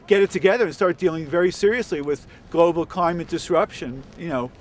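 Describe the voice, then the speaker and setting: A man's voice: a little high, a little fast, slight background noise. A man in his sixties from Long Island, speaking thoughtfully in an interview with small hesitations. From Long Island, New York. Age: 60s. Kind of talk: reflective interview.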